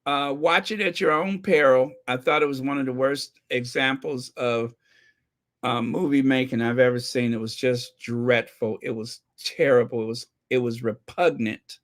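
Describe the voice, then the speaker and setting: A man hosting a casual commentary channel, animated and opinionated, reacting to viewer comments. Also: mid-range voice, moderate pace. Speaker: channel host.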